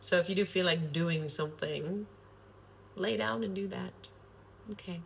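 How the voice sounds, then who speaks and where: A woman's voice: lowish voice, a little slow, vocal fry, slight background noise. A woman talking to camera in a loose, rambling monologue, earnest and sprinkled with swearing. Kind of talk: casual spontaneous monologue.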